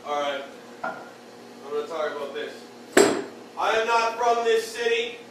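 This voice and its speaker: A man's voice: high voice, animated, unhurried. A man doing a stand-up comedy set of crude one-liners in a beer hall, jabbing at the crowd. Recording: echoey room from far off, bar noise.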